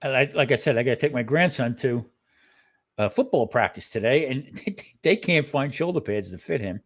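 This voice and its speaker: A man's voice: mid-range voice, lively intonation, moderate pace. An older man co-hosting a cooking show in casual live-stream chat, rambling and restarting his sentences with frequent exclamations.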